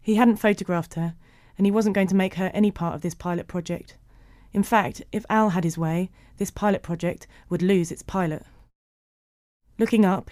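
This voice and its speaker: A woman narrating a storybook in an even, measured way. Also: lowish voice, dry recording.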